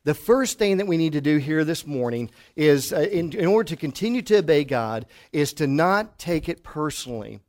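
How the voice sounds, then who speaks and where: A middle-aged pastor preaching a sermon to his congregation, telling stories and dropping to a hush for emphasis. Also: on the high side, expressive, normal speed, few pauses. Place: church hall before a congregation.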